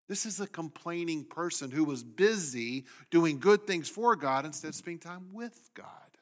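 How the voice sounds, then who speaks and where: A man preaching a sermon as pastor, speaking with animated emphasis and sometimes voicing the complaints of people in the story. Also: on the high side, normal speed, few pauses.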